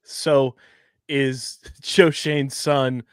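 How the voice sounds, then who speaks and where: A man's voice: medium pitch, flat delivery, drawn-out words, clean tone, no echo. A man hosting a casual chat, teasing and hyping up his friends.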